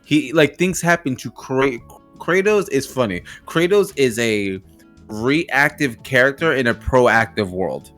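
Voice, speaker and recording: A man co-hosting a casual podcast about games, talking in a quick, slangy, animated way. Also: medium pitch, soft background music. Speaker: podcast co-host.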